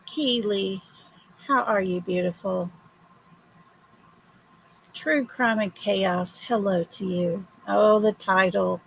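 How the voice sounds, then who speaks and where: An older woman, hoarse from illness, greeting viewers one by one in a slow, casual livestream chat. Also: mid-range voice, a little hiss or hum, rough recording. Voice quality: gravelly, husky. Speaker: livestream host.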